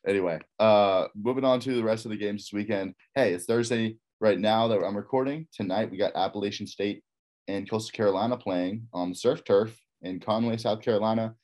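Casting: man with a faint Texas accent, very deep voice, casual rambling sports talk. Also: a little fast, darkish tone. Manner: rambling, repeats himself, frank opinions.

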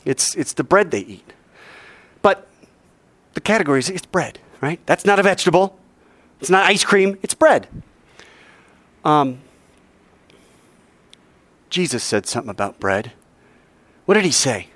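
A male teacher giving an animated classroom lecture, quizzing the class and joking as he goes. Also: fairly high pitch, a little slow, pauses often, dry recording.

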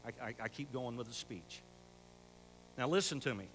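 A man's voice: mid-range voice, moderate pace. An older man preaching a folksy sermon as pastor, rising to emphatic exhortation. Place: church sanctuary. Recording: echoey church hall with faint hum.

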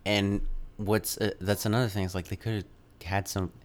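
A man's voice: on the low side, a crowd in the background. A man co-hosting a casual chat, laughing often and arguing his points back. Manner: quick to laugh, animated, interjects and argues back.

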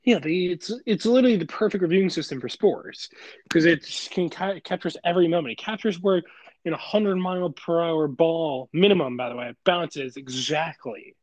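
A man's voice: a little high, moderate pace, dry recording. A young man co-hosting a casual podcast, heated and given to profane rants. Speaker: podcast co-host.

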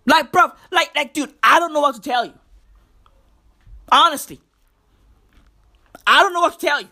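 A man ranting about the news in a profane, excitable comedic vlog, packed with slang. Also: very high voice, normal speed, vocal fry. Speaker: vlogger.

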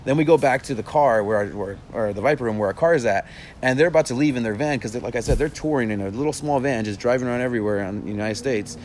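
A man's voice: medium pitch, slight background noise. A young man from Southern California, telling a story in casual chat with lots of "like" fillers. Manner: rapid, animated anecdote telling with filler "like".

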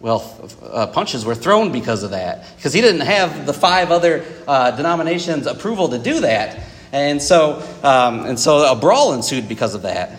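A man's voice: mid-range voice, very animated, normal speed, long reverb tail. A man preaching a Sunday sermon in a church, talking conversationally to the congregation with frequent fillers and asides. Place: church auditorium.

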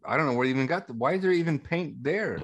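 A man's voice: fairly high pitch, lively intonation, quick pace. A man co-hosting a podcast, bluntly scorning a movie in casual chat. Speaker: podcast co-host.

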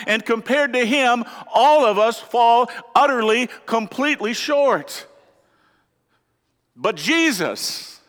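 A man's voice: very high-pitched, bright, forceful tone. A man preaching a sermon as pastor, earnest and emphatic, asking the congregation rhetorical questions. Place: church sanctuary. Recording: church hall with long reverb.

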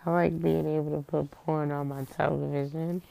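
Low-pitched and creaky yet warm, this woman's voice comes in a flat delivery at a moderate pace on a dry recording. She is sick and dozy from cold medicine, slurring and rambling through a casual vlog monologue in a small room.

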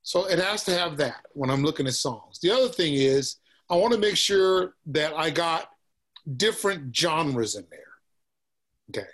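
A musician from Texas talks in a Southern accent, his voice sitting a little high for a man. He chats in an easy, laid-back way, often tossing in "man" and "you know.". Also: sing-song, moderate pace, fairly bright tone. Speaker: musician guest. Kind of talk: casual interview chat.

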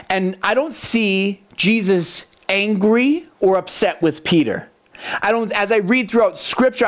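A man delivers a conversational sermon in a high-sitting voice. He's animated, poses rhetorical questions, and restarts often.

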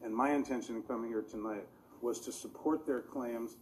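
A man's voice: medium pitch, steady tone, normal speed, slight background noise, poor audio. A man giving earnest, rambling, technical testimony as a public commenter at a meeting.

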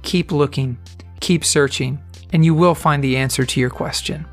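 Guy doing a calm wise old teacher, slow short commands, slightly high voice. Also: soft background music, natural voice. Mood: calm, firm. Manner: terse, slow, measured.

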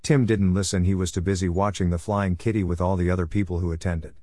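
Deep-voiced man reading a storybook aloud with small restarts, dry and close. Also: fairly even intonation, fast, darkish tone, no echo.

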